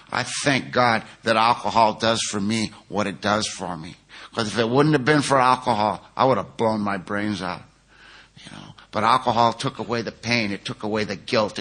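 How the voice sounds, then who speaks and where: A man's voice: lowish voice, pushed and bright. A middle-aged man from California telling his personal recovery story to a conference audience, earnest and conversational, with frequent "you know.".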